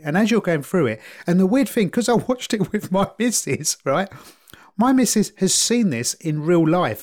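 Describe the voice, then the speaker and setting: A man co-hosting a podcast, talking in a casual, animated way, laughing often and rambling with restarts. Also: high voice. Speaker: podcast co-host. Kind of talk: casual chat.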